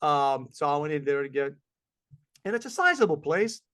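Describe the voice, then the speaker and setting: A man's voice: fairly high pitch, sing-song, moderate pace, fairly bright tone. A middle-aged man, chatting casually as a podcast co-host and rambling through stories. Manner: rambling storyteller, acts out voices of people he met. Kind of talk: casual chat.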